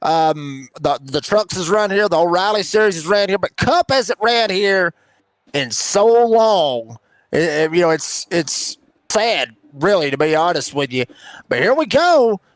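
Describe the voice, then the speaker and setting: A man calling a sim race as announcer, excitable and rambling in a folksy way. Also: high voice, unhurried, no echo. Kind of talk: sim racing commentary.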